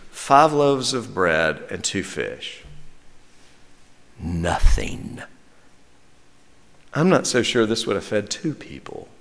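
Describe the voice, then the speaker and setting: Slow, animated pastor preaching. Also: male voice, mid-range voice. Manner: lively preaching with wry humor. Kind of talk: sermon. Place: church sanctuary. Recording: long reverb of a church sanctuary.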